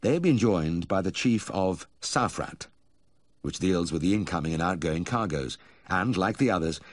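A man reading an audiobook in a measured, unhurried way. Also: sits low, lively intonation, dry recording. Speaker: audiobook narrator. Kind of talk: scripted audiobook narration.

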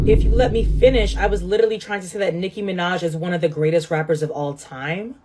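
A woman's voice: lowish voice, fairly even intonation, fast, hardly any pauses, mellow, a little hiss or hum. A young woman telling gossipy stories in comic skits, with a sassy delivery. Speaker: comedy creator.

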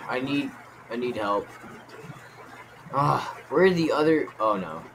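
Excitable young man doing game commentary. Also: mid-range voice, a little slow, noisy background. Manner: excitable, yelps and rambles. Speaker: gaming YouTuber.

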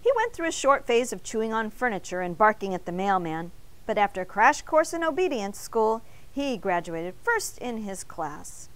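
A woman teacher reading a picture book aloud in an expressive storytelling manner. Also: medium pitch, moderate pace.

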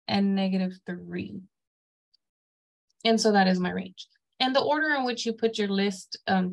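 A woman's voice: medium pitch, rough recording. A woman lecturing a college math class, explaining step by step and checking in with "okay?" after each point. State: has the hiccups. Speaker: math instructor.

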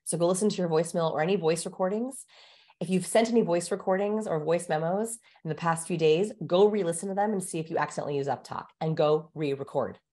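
Low-voiced woman coaching on speech. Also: fast talker, warm tone. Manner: instructive, demonstrates vocal tones. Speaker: communication expert guest. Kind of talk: explanatory coaching talk.

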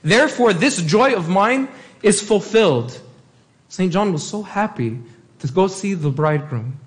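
Give me a male priest delivering an emphatic sermon in a high voice. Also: expressive, unhurried. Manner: emphatic, repeats key phrases.

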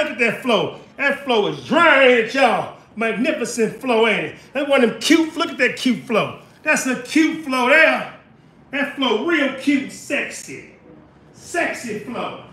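A man from California rants on a casual livestream from his home kitchen, preachy, repetitive and emphatic. His voice is very high-pitched with a sharp tone, and the room is very echoey, leaving him sounding far off.

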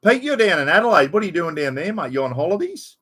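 A man's voice: high voice, very animated, fast, fairly bright tone, breathy edge. An Australian man hosting a casual live stream, rambling in a matey way, greeting viewers by name and swearing bluntly. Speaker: livestream host.

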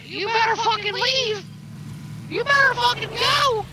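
A man voicing a hot-headed talking towel in gaming voice chat, shrill and goofy, yelling threats. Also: lively intonation, normal speed, heavy background noise. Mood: angry. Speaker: gamer. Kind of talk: gaming voice chat role-play.

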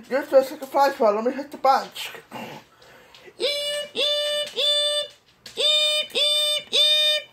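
A woman's voice: fairly high pitch, a little hiss or hum, poor audio. A woman making a playful home recording and switching between put-on voices.

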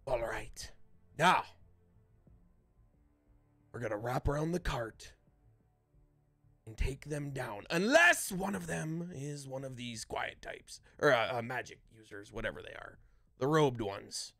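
A man voicing a stern male bandit leader who gives quiet orders in a hushed, commanding tone. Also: mid-range voice, animated, unhurried, pauses often, dry recording, faint music behind, heavily acted.

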